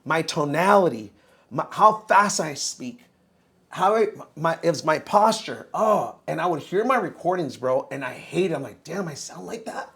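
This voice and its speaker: A man in his thirties tells his own story on a podcast, with a voice a little higher than most men's. He talks casually and with energy, calling the host bro as he goes. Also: normal speed. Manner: animated, says bro a lot. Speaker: podcast guest.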